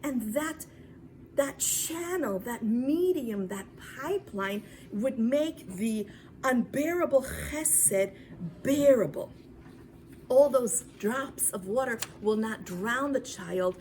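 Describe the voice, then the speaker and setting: A woman from New York giving a lecture to a women's class, dramatic, swinging between loud emphasis and near whispers, repeating words for emphasis. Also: a little high, lively intonation, takes it slowly, a little hiss or hum. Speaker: Torah lecturer.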